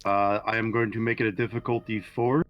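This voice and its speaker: A man running a tabletop game as game master, talking in a relaxed, halting way with fillers. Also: on the low side, soft background music. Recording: muffled lo-fi recording.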